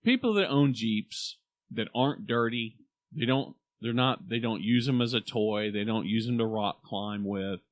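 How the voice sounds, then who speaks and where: A man's voice: lowish voice, normal speed. Boisterous joking man. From Oklahoma. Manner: boisterous, joking, slips into comic voices. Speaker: podcast co-host. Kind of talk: casual chat.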